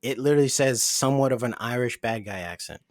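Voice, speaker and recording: A man co-hosting a podcast, chatting casually and reading a comic script aloud with animated delivery and frequent laughs. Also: medium pitch, fast, dry recording. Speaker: podcast co-host.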